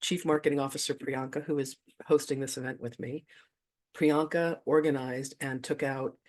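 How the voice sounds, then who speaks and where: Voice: mid-range voice, fairly even intonation, moderate pace. A host of a live online spiritual gathering telling a story in a casual, gushing way. They chuckle often and swear casually. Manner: effusive, gushing, cusses casually.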